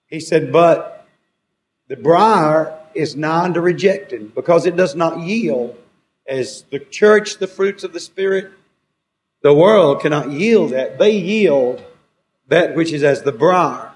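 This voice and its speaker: A man's voice: a little high, expressive, takes it slowly. A man preaching a sermon, quoting scripture with rising and falling emphasis.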